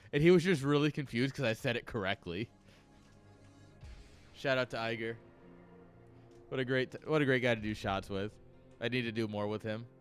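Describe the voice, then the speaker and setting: A man's voice: medium pitch, fairly bright tone, clear, resonant tone. Male stream caster, casual and profane, tipsy and rambling. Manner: loose, rambling and profane, laughs between thoughts. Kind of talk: casual livestream chat. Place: at home.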